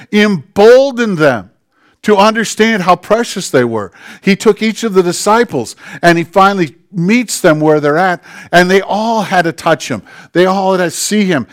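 A man preaching a sermon as pastor, swinging between quiet, hushed passages and slow, emphatic declarations. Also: high voice. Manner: dynamic, swings from hushed to emphatic, drawn-out phrases.

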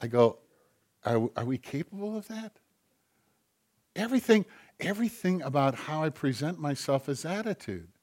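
A man's voice: a little high, expressive, moderate pace, pauses often, darkish tone. A man preaching a sermon in a conversational way, acting out quoted voices as he goes. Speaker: pastor.

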